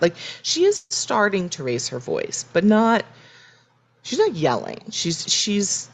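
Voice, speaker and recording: A woman's voice: mid-range voice, huge pitch swings, takes it slowly. A woman co-hosting a podcast, recapping a TV episode in casual, reflective chat and acting out the characters' lines. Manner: reflective, restarts mid-sentence, acts out characters' lines. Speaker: podcast co-host.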